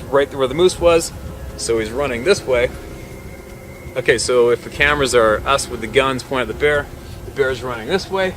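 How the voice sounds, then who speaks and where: A man working as a hunting guide spins a vivid tale in a mid-pitched voice, laughing between phrases and dropping low before building loud again. A steady background hum runs under the recording. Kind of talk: animated storytelling.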